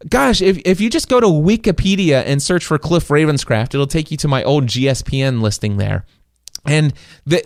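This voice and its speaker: A man's voice: fairly high pitch, clear, resonant tone, no room sound. A man hosting his own podcast from a small studio, telling stories with enthusiasm and acting out quoted dialogue. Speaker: podcast host. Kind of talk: solo podcast monologue. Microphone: studio microphone.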